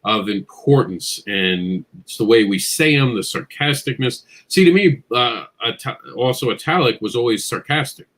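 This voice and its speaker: A man's voice: mid-range voice, moderate pace, few pauses. A man who writes comics, talking bluntly and jokingly in a casual panel chat. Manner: blunt, animated, jokey storytelling.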